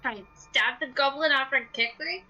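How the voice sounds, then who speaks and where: A woman's voice: high voice, fairly quick, bright, forceful tone, soft background music. A woman playing a tabletop role-playing game, answering in blunt, matter-of-fact quips. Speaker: player. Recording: dull lo-fi stream audio.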